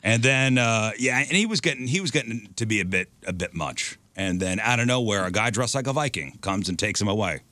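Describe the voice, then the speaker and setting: A man's voice: fairly low pitch, animated, a little fast, hardly any pauses, bright, forceful tone, dry recording. A man hosting a show, telling a rambling story in casual chat. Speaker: radio show host.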